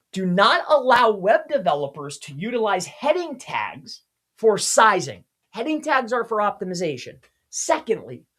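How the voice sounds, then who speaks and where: A man giving a screen-share tutorial as an SEO consultant, speaking emphatically and addressing viewers directly. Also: high-pitched.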